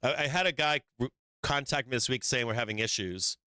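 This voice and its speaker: Forceful, profane man talking markets. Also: mid-range voice, brisk, smooth, dry recording. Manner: profane, blunt, emphatic; laughs between points. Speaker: stock market show host. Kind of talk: live-streamed market commentary.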